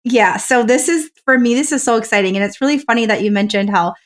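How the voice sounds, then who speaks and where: Enthusiastic woman co-host, fairly high voice. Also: fast talker. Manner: enthusiastic, frequent "like". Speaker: podcast co-host. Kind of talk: casual chat. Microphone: remote recording.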